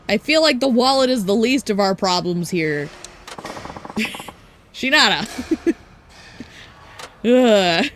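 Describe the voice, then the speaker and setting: A woman's voice: a little high, lively intonation, slow, pauses often, fairly bright tone, slight background noise. A woman streaming a video game, making giggly, amused asides. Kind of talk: let's play commentary.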